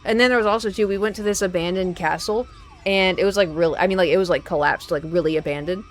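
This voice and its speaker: A young woman talks fast in a voice on the low side while streaming a game, chatting casually and telling stories. She's animated, acting out quoted lines with lots of energy.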